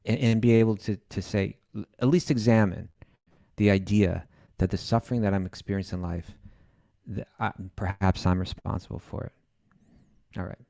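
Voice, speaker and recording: Low gravelly man guiding a chat. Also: normal speed, no room sound, studio quality. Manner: relaxed, chuckles between lines, steers the talk. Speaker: podcast co-host. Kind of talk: casual spiritual discussion.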